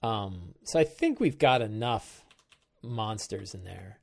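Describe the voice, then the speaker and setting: Male host, fairly low voice, unhurried; halting, musing solo prep talk. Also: animated, vocal fry. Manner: musing, halting, trails off and restarts. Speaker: host of a game-prep show. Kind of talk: thinking aloud while prepping a tabletop game.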